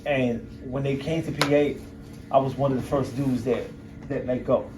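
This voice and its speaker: A man's voice: medium pitch, fairly even intonation, moderate pace, background noise. A middle-aged man giving a candid, blunt talk to an audience as a guest speaker, streetwise and emphatic, with coarse language. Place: university lecture room. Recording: voice picked up from a distance.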